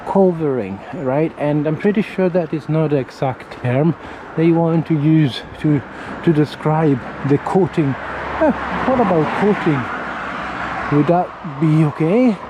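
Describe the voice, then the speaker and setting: A man casually vlogging while he walks around town, halting and searching for his words. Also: on the high side. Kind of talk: casual walking vlog talk. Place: outdoors on town streets. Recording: outdoor street with passing traffic.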